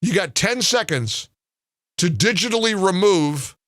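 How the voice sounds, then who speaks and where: A man's voice: high voice, expressive, measured pace, pushed and bright, dry recording, studio quality. A man hosting a talk radio show, ranting angrily and sarcastically, often repeating words as he gets worked up. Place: radio studio. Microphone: studio mic.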